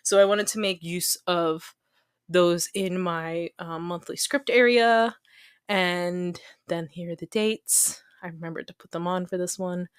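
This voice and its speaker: A woman's voice: fairly low pitch, fairly even intonation, unhurried, clear, resonant tone, no room sound, clean studio sound. A woman hosting a casual plan-with-me video, chatting in a rambling way with lots of ums and likes. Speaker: planner YouTuber.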